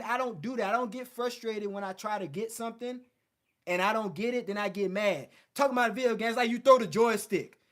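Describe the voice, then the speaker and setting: A man's voice: very high voice, fairly bright tone. A man hosting a livestream, lecturing his viewers bluntly and swearing often. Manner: mocks others in put-on voices. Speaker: host. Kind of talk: livestream coaching talk.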